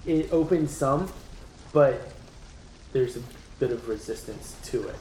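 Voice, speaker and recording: A man narrates a tabletop game as its game master, laying out scenes in a relaxed, rambling way. His voice sits in the middle range, and the room around him rings with echo and faint noise. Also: mid-range voice, unhurried. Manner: relaxed, describing scenes with many fillers.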